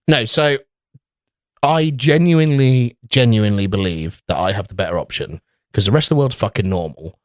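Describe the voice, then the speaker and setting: A man's voice: lowish voice, moderate pace, no echo, clean studio sound. A young man co-hosting a podcast, joking crudely and laughing often as he riffs on absurd ideas. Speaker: podcast co-host. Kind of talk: crude comedic banter.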